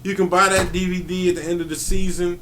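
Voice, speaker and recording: A man co-hosting a casual podcast among friends, joking and laughing often with loud outbursts. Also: high voice, little pitch movement, fast. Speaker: podcast co-host. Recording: distant mic with faint noise.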